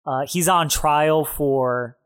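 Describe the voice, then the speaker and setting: A man co-hosting a podcast in casual chat, relaxed and laughing often as he recaps. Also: on the high side, takes it slowly, clear, resonant tone. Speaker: podcast co-host.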